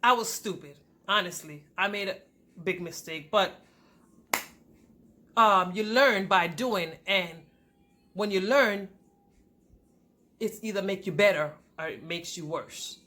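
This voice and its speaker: A woman's voice: slow, long pauses, bright, forceful tone. A woman speaking straight to her viewers about her own life, candid and informal. Her voice sits in a middle register but jumps up and drops down sharply as she grows emotional. She talks in a loose, conversational way, calling her audience "y'all.". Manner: pitch and volume swing widely with emotion. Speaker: vlogger. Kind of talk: personal storytelling to camera.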